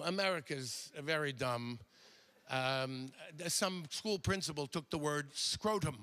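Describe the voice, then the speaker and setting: An older man doing a stand-up routine on a theater stage, animated and slipping into quick impressions of other people. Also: a little high. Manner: animated, mimics characters in quick asides. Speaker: stand-up comedian. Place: theater stage before a live audience.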